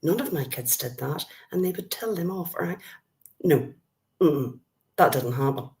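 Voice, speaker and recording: An older Irish woman hosts a live stream, chatting bluntly and casually with her viewers and greeting them by name. Her voice is low and somewhat dark, and she speaks at a moderate pace.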